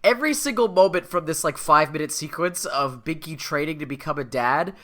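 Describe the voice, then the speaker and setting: A man's voice: on the high side, lively intonation, a little fast, sharp tone. A man co-hosting a podcast, rambling in casual chat with many fillers and laughing while retelling scenes. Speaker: podcast co-host.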